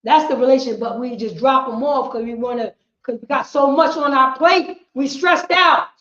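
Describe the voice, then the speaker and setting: A woman teaching a history class, lecturing emphatically, repeating herself and rising to shouts. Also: sits high, moderate pace. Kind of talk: street-preaching lecture. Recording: roomy, dull lo-fi sound.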